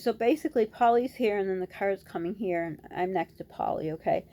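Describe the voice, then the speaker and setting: Her voice is fairly low and a little fast, with hardly any pauses. She's a middle-aged mom vlogging, retelling a story in a casual, scattered, animated way, talking with her hands despite dry lips.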